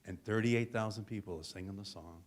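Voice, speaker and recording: A man's voice: fairly low pitch, a little fast. A man on a panel at a hotel event, earnestly recalling a moment and building it up with repetition. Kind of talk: reminiscing at a panel discussion.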